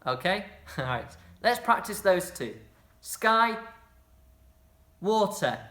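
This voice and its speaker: A bright, forceful voice leads a children's drama session, calling out actions and praising every attempt. The leader cheers the kids on and throws in playful sound effects. The room gives the voice a noticeable echo. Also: mid-range voice, big pitch swings, slow. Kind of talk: instructing children in a movement game.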